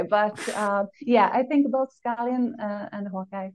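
A woman co-hosting a podcast, talking in a reflective, analytical way with halting pauses. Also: medium pitch, highs cut off, a little hiss or hum. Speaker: podcast co-host. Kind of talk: casual chat.

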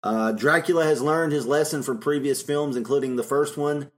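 A man's voice: fairly high pitch, moderate pace. A middle-aged man co-hosting a podcast, chatting casually and recapping film plots with frequent laughs. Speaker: podcast co-host.

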